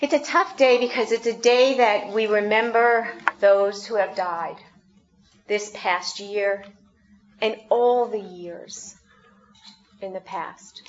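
A woman pastor preaching a sermon, reflective and gentle, often asking the congregation questions. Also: medium pitch, takes it slowly, dull audio, slight background noise.

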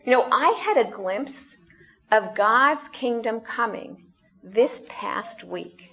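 Slow-speaking woman pastor. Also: fairly high pitch, expressive, a bit bright, highs cut off. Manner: conversational, asks the congregation questions. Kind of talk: sermon.

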